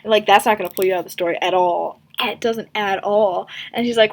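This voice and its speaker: A woman's voice: mid-range voice, steady tone, fast. A young woman casually ranting in a comic review, sarcastic and exasperated, with lots of filler words.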